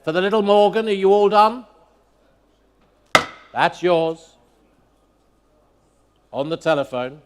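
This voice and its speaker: A man working as an auctioneer, calling bids live in a brisk, rhythmic chant, repeating each figure as he asks for the next. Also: high-pitched, animated, a little hiss or hum. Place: auction hall at a motor museum.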